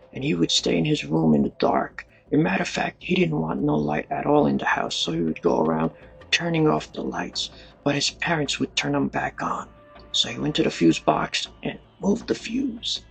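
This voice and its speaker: Gravelly male storyteller with lively delivery. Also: on the high side. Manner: dramatic, colloquial, acts out voices and sound effects. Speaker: narrator. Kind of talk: casual true-crime storytelling.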